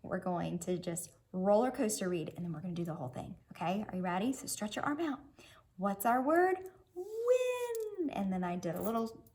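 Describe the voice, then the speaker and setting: A woman's voice: fairly low pitch, darkish tone, a little hiss or hum. A woman teacher leading a children's reading lesson, cheerfully prompting young learners to sound out and blend words.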